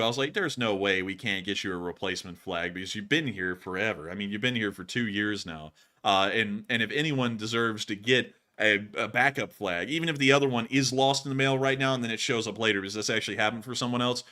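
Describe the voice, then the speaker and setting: A man's voice: fairly low pitch, bright, forceful tone. A man hosting a live stream, chatting loosely with many fillers and laughs as he answers donations. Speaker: host. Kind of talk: casual live-stream chat reading donations.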